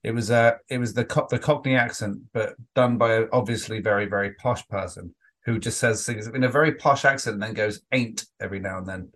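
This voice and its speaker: A man's voice: lowish voice, a little fast, hardly any pauses, a bit bright. A man co-hosting a casual podcast chat, rambling with frequent restarts and some swearing. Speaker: podcast co-host.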